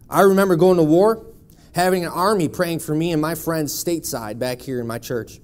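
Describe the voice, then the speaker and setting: A man's voice: a little high, brisk, darkish tone. A man in his thirties from Buffalo, New York, giving a personal testimony in church with a wry, conversational storytelling manner. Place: church sanctuary.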